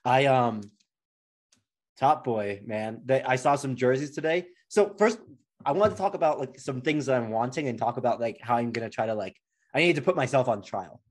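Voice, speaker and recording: A man co-hosting a casual podcast, talking in a playful, rambling way full of jokes and filler words. His voice sits at an ordinary pitch. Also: moderate pace. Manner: playful, joking, rambling with many "like"s. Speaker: podcast co-host. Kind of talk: casual chat.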